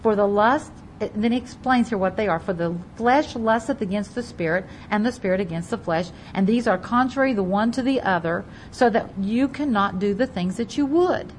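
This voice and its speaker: A woman preaching a sermon, reading scripture aloud and stressing key words over and over, her loudness rising and falling. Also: medium pitch, normal speed, few pauses, a little hiss or hum, poor audio. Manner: emphatic, repeats key words, varies loudness widely; reads scripture aloud in King James wording. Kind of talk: Bible teaching sermon.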